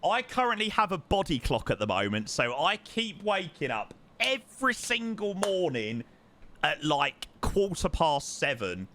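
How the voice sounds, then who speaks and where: A man's voice: on the high side, very animated, unhurried, bright, forceful tone, slight background noise. A young man chatting casually to his live-stream chat while flying a simulator, repeating words for emphasis. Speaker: livestreamer.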